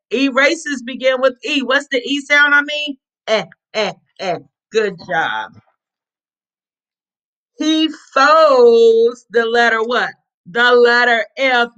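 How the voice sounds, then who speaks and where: Teacher lady reading to little kids, slow and bright, keeps saying good job and sounding out letters. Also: high voice. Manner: encouraging, drawn-out letter sounds, sing-song prompts. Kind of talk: read-aloud phonics lesson for young children.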